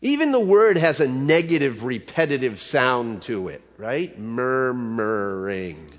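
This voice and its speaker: A man's voice: medium pitch, big pitch swings, normal speed. A man preaching a sermon as a pastor, in a conversational way that keeps asking the audience rhetorical questions. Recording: reverberant hall.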